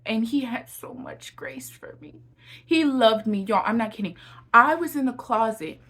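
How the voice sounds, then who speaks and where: A woman's voice: on the high side, lively intonation, normal speed, a bit bright. A young woman giving a heartfelt personal testimony and encouragement to viewers, often repeating her phrases and calling them y'all. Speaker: Christian encouragement vlogger.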